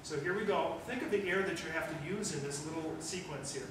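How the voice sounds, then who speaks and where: A man conducting a school wind band rehearsal. He gives brisk, direct instructions, praises quickly, and counts and scats rhythms aloud to demonstrate. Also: a little high, fairly bright tone. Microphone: far room mic. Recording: echoey rehearsal room from far off, noisy.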